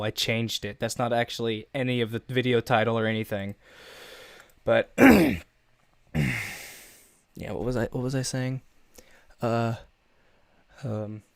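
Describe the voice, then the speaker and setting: A man talking on a live stream in a halting, nervous way, full of restarts and fillers, with a shaky voice. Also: medium pitch, vocal fry, no room sound.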